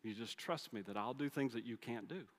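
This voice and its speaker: A man voicing a patient, reassuring God, speaking in a hushed, steady way. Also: mid-range voice, a little fast, pitched below the performer's own voice, lightly acted. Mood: calm reassurance. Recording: long hall reverb.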